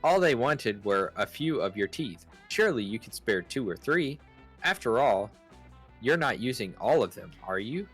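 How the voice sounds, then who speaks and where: A woman voicing a very deep-voiced prim companion. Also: very animated, moderate pace, husky, faint music behind, full character voice. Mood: scolding. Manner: gently scolding. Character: prim, disapproving camp companion.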